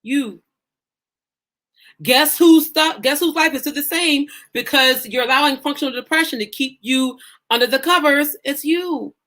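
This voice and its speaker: A woman's voice: high voice, normal speed, pushed and bright. A woman life coach giving a live-streamed coaching lesson, talking in an emphatic, folksy, preacher-like way. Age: adult mother.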